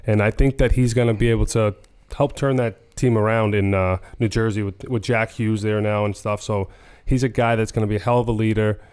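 A man's voice: on the low side, level tone, brisk, darkish tone, clean tone. A man, a former player, telling joking stories in a casual podcast chat. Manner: loose storytelling, joking. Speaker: co-host, former hockey player.

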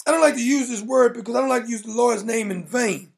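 Gravelly, blunt male political ranter. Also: very high-pitched, fast talker. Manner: emphatic, mocking, blunt. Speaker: political talk show host. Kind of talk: opinionated political rant.

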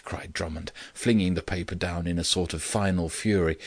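Deep-voiced man reading a story. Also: fairly even intonation, normal speed, few pauses, no echo. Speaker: audiobook reader. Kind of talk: scripted narration.

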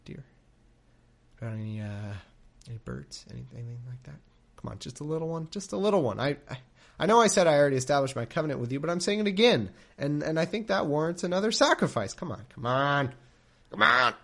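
A man playing a jittery male deity going through withdrawal who begs for just one more sacrifice. He wheedles and pleads in a low, scattered mutter. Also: sing-song, fast talker, creaky, a bit bright, full character voice. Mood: wheedling.

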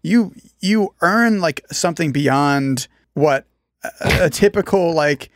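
A man's voice: on the high side, lively intonation, slow pace, no echo, studio quality. A man in casual podcast chat who rambles supportively with many fillers.

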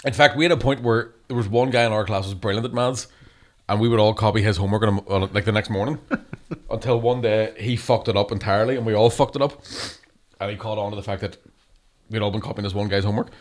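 A young comedian chatting casually, his voice sitting a little low. He tells stories quickly and swears freely, with a loose, conversational rhythm. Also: steady tone. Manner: sweary, fast storytelling. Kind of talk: casual chat.

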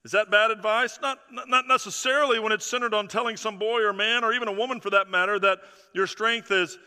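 A male pastor preaches with a high, piercing, sharply bright voice that rings through a large, reverberant church. He leans hard on repetition, stacking phrase after phrase, then sinks low and quiet to let a point land. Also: steady tone, quick pace, smooth. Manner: emphatic preaching with repeated phrases, dropping soft and low for effect. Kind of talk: sermon. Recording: long reverb of a large hall.

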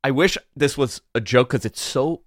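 A young man co-hosting a casual wrestling podcast, an animated storyteller who trails off and restarts often. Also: medium pitch, normal speed, no room sound, studio quality. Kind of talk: casual chat.

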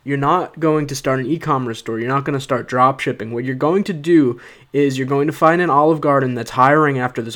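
A young stand-up comedian with a mid-range, somewhat bright voice rambles through a sarcastic comic monologue for his podcast listeners, sprinkling in plenty of "uh" and "okay?".

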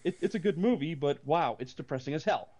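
A man, possibly middle-aged, co-hosting a casual movie chat, rambling with many restarts and breaking into animated rants. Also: fairly high pitch, fast. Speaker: podcast co-host.

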